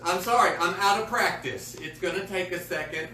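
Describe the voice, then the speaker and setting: A man's voice: high-pitched, normal speed, hardly any pauses, sharp tone, a little hiss or hum. A man hosting a live comedy show, rambling and mocking himself as he plugs shirts and jokes. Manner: rambling, self-mocking banter. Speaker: host. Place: studio lounge. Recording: echoey room from a distance.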